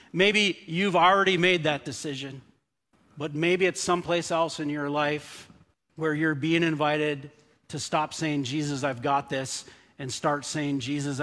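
A man preaching a sermon as pastor, earnest and pleading, dropping to a hush on quoted prayers, recorded in a church sanctuary. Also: fairly high pitch. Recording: long hall reverb.

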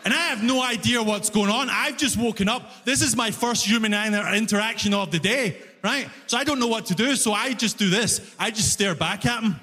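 A man who moved to Toronto as an immigrant, performing a stand-up routine, animated and acting out both sides of his stories. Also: sits high, fairly quick, few pauses, in a large hall. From immigrant living in Toronto. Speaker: stand-up comedian. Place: comedy club stage.

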